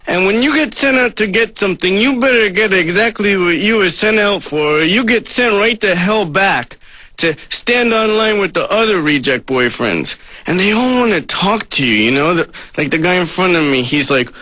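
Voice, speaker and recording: High, lively self-mocking male comic. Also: moderate pace, dry recording. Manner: self-mocking, talks to his therapist. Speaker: stand-up comedian. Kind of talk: stand-up monologue. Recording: dry, dull lo-fi TV audio.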